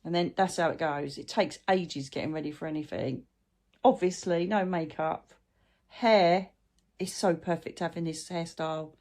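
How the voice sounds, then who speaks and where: A woman's voice: lowish voice, fairly even intonation, normal speed. Chatty woman vlogging. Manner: chatty, rambling, warm-hearted anecdotes. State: chronic illness, brain fog. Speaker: spiritual channel host. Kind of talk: casual heartfelt vlog chat.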